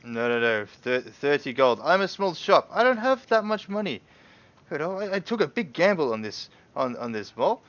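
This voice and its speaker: A man's voice: mid-range voice, steady tone, moderate pace, hardly any pauses, a bit bright, smooth, natural voice. Man doing a shopkeeper voice, shrewd, fussy, haggling, dull lo-fi sound. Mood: pleading. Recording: dull lo-fi stream audio.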